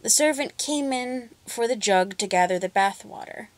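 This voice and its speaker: A woman reading a fairy tale aloud, narrating in an expressive, measured way. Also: on the high side, no echo. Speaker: storyteller. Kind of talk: storybook reading.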